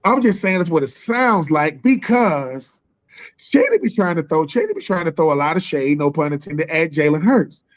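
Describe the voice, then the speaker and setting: A man co-hosting a casual sports talk stream, slangy and animated, acting out other people's lines as he riffs. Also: a little high, normal speed. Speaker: podcast co-host. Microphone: live stream call.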